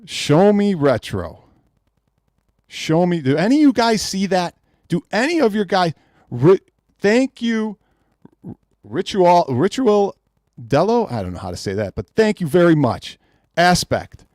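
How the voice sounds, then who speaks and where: A podcast host with a high-pitched voice, big pitch swings and a slightly mellow tone rants in exasperation at a moderate pace on a live-streamed gaming podcast. He repeats himself and reads chat names aloud, recorded in clean studio sound with no echo.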